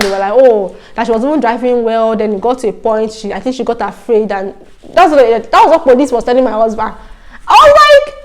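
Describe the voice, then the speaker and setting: A young Nigerian woman chats to her camera in a lively, storytelling vlog voice that sits a little high. She slips easily into Pidgin phrases and tells her stories with animated emphasis. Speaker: vlogger. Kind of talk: casual vlog talk.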